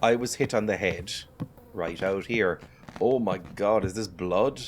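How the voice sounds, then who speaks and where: A man's voice: deep voice, a little slow, slight background noise. A man giving wry, joking commentary as he plays a game, talking to the game and to viewers. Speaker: gaming video host. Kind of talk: casual let's-play commentary.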